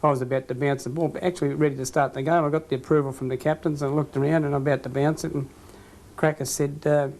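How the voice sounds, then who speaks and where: Chuckling Australian ex-umpire telling yarns. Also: male voice, on the high side, level tone, fast talker, darkish tone, slight background noise. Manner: chuckling raconteur, laughs at his own stories. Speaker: former football umpire. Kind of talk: storytelling anecdotes in an interview.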